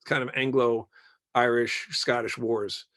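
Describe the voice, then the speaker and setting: A man's voice: medium pitch, slow pace. A man, a musician guest on a podcast, telling stories in casual conversation and acting out the voices of people he quotes. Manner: animated storyteller, acts out quoted voices.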